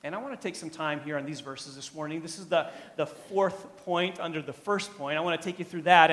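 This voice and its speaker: Emphatic male pastor in a reverberant hall. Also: on the high side. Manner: emphatic, swings from quiet to loud. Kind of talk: sermon.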